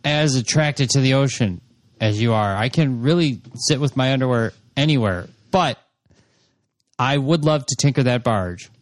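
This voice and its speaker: A man's voice: mid-range voice, normal speed, no room sound. A man playing a tabletop game, chatting casually and making wry, dry remarks. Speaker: player.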